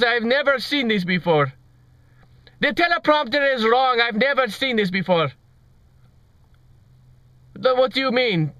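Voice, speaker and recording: A man's voice: extremely high pitch, sharp tone, dry recording, highs cut off, voice pushed up, full character voice. A man putting on an Indian accent to voice a flustered male TV news anchor who sputters at his teleprompter. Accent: put-on Indian accent.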